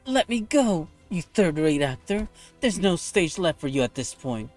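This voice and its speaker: A man's voice: on the high side, sing-song, a little slow, faint music behind. A man voicing a scornful, vengeful young female warrior, reading game dialogue aloud with raging threats. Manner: raging, contemptuous, shouting threats.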